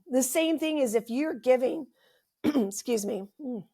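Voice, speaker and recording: This middle-aged health practitioner hosts a podcast, ranting passionately and repeating phrases with a slightly dry throat. Her high-pitched voice is expressive, warm, and husky, and she takes her time.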